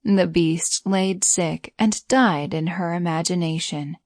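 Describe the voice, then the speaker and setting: A woman reading a bedtime story aloud in a soothing, even way. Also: on the low side, slow pace, dry recording, studio quality.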